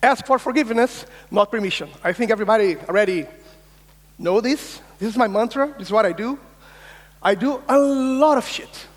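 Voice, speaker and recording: High-voiced man keynoting in a reverberant hall. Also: moderate pace. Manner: energetic, insistent, swears, acts out quoted voices. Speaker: keynote speaker. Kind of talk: conference keynote talk. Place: large conference hall.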